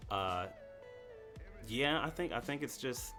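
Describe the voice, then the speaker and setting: A man in a casual group chat, laid-back and quick to laugh. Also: medium pitch, animated, pushed and bright, soft background music.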